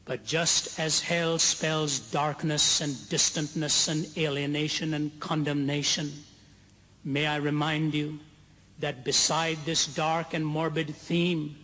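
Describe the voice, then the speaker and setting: A man preaching a sermon to a large gathering, telling stories earnestly and slowing down to stress key lines. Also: fairly high pitch, little pitch movement, sharp tone. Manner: earnest storytelling, slows for emphasis, builds to soaring climax. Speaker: evangelist preacher. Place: large conference hall. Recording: long hall reverb.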